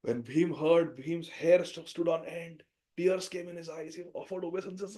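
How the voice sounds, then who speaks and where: A man teaching a scripture class, telling a story in an animated way. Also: on the high side, normal speed. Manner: animated, acts out the characters.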